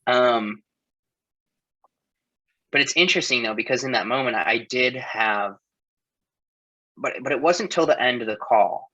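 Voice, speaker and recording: Guest, male coach, candid and emotional, bright tense voice, muffled lo-fi sound. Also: mid-range voice, measured pace, pauses often. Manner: open, emotional storytelling. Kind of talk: casual chat.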